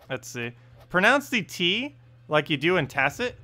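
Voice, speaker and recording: A man chatting casually on a live game stream, playful and quick to laugh as he keeps repeating a word to test how he says it. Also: high voice, sing-song, bright, forceful tone, faint music behind.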